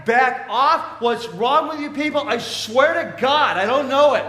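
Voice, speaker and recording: A man's voice: high voice, animated, a little fast, roomy sound. A man acting out a panicked, defensive fisherman. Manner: loud, heated protesting. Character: frightened, defensive fisherman under pressure.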